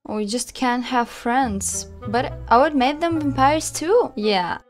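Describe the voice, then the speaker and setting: A woman's voice: high voice, slow pace, faint music behind. Woman telling a dramatic spooky story. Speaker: channel host and storyteller. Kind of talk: storytelling narration and puppet-show chat.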